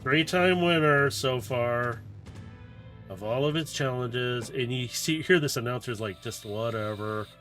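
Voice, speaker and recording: A man's voice: mid-range voice, a little slow, a bit bright. Man narrating a tabletop game. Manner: loose, rambling scene narration with acted asides. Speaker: game master. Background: faint fight music.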